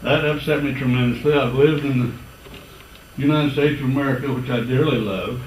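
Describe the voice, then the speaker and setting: Elderly man, 80s, folksy and halting; distant mic in a reverberant room. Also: medium pitch, steady tone, background noise. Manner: rambling and folksy, with halting restarts. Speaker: public commenter. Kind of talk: spoken public comment at a county board meeting. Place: meeting room.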